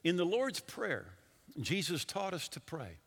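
A male pastor preaching a sermon in an animated way, asking his listeners questions directly. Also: high voice, unhurried, creaky, husky. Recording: long hall reverb.

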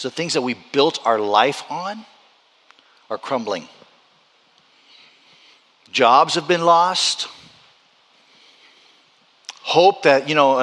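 A pastor preaching a sermon, repeating phrases as he builds to loud, urgent high points. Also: long reverb tail.

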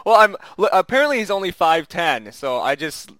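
Podcast guy rambling and chuckling, kinda high voice, super dry mic. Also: very animated, brisk, a bit bright, dry recording. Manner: chuckles often, rambling with restarts. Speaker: podcast co-host. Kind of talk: casual chat.

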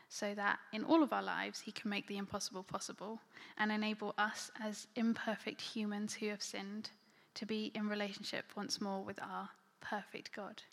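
A woman's voice: medium pitch, gravelly, fairly bright tone, long reverb tail. A woman preaching a sermon in a conversational, filler-heavy way, often dropping to a near-whisper. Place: church hall.

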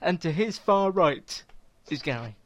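A man's voice: on the high side, lively intonation, measured pace, a little hiss or hum. A man hosting a casual podcast, chatty and jokey, laughing often. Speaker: podcast host and website editor.

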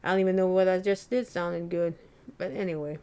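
A woman hosting a solo podcast, talking in a rambling, self-deprecating, soft-spoken way. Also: fairly low pitch, steady tone, fairly quick, clear, resonant tone. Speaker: podcast host. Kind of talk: casual solo podcast monologue.

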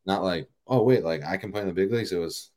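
A man in his thirties, a baseball player, telling a story in a relaxed, rambling way full of fillers. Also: deep voice, fast. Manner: relaxed, rambling, many fillers like "you know" and "like". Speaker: professional baseball player, guest. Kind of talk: casual interview storytelling.

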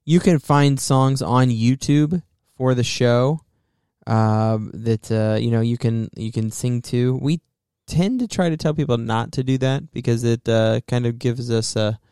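A man co-hosts a local radio show in a loose, chatty manner. His voice is smooth and resonant. The studio sound is dry and close. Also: mid-range voice, a little slow, dry recording. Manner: relaxed, chatty, lots of fillers and restarts. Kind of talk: casual local radio chat.

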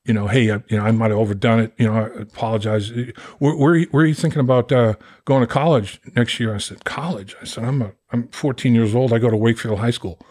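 Appearing as a podcast guest, an animated Boston-area man in his sixties who once played pro football shares casual stories in a medium-pitched voice. He laughs along as he acts out the voices of the people he quotes.

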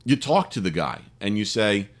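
A man's voice: lowish voice, sing-song, normal speed. A man co-hosting a casual opinion chat, blunt and jokey in how he talks. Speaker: podcast co-host.

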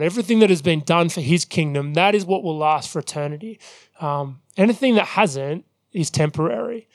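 Earnest pastor preaching with a higher voice. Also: male voice, dry recording, clean studio sound. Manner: earnest, measured preaching with frequent "um" fillers. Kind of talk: sermon.

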